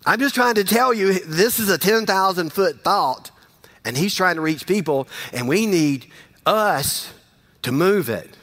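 A man's voice: high-pitched, lively intonation, unhurried, a bit bright. A man preaching a sermon in a folksy, conversational way, repeating phrases for emphasis. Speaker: pastor.

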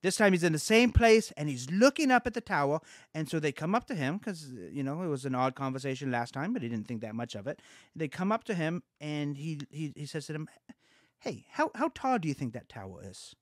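A man's voice: on the high side, animated, a little fast, no echo, studio quality. A man hosting a casual podcast chat, telling local ghost stories and acting out quoted lines along the way. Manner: chatty, acts out quoted lines with small voice shifts.

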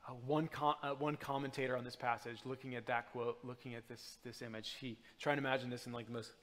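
A man preaches a sermon at a church, in a relaxed, conversational way that stumbles and restarts often. His voice sits in a middle register. The sound carries a long echo from the hall. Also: medium pitch. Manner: casual and halting, with many fillers and restarts. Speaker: guest preacher.

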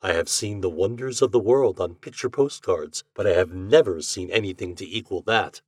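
A man reading a story aloud as a podcast narrator, with an expressive reading style. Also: low-pitched, moderate pace, no echo, studio quality. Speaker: podcast reader.

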